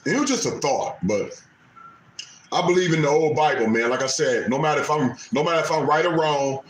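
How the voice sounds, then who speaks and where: A man's voice: on the high side, fairly quick, echoey room, a little hiss or hum, poor audio. A man in his late fifties on a casual live stream, preaching about respect for parents and repeating his points for emphasis. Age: 50s. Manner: preachy, repeats lines for emphasis, Southern American Black vernacular. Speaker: livestream host.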